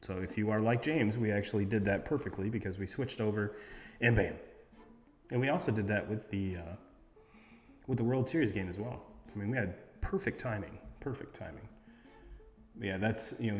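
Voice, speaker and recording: Man, sports host, rambling stat recap, low voice, long echo, faint music behind. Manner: rambling, reads off stats with many fillers.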